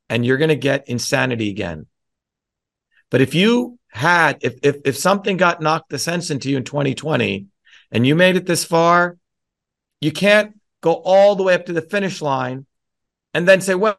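A man's voice: fairly high pitch, creaky. A middle-aged man hosting a town hall, speaking bluntly and preachily to a live audience and often checking in with "okay?" and "right?".

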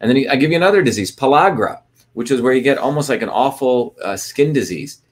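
A man's voice: mid-range voice, animated, fast. Rambling man hosting a livestream. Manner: rambling, many fillers and restarts, retells stories. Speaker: livestream host. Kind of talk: casual livestream talk.

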